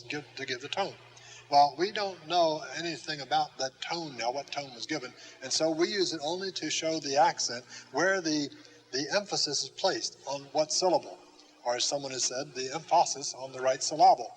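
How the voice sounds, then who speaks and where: Older man teaching, unhurried with fillers. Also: on the high side, a bit bright, poor audio. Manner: slow and deliberate, with many "uh" fillers, repeating key words. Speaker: Greek teacher. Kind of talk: recorded classroom lecture.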